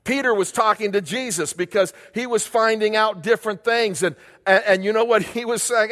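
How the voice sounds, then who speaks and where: A man's voice: sits high, moderate pace, few pauses, fairly bright tone. An older man preaching a sermon as a pastor, emphatic, repeating key phrases and asking rhetorical questions. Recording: long reverb of a large hall.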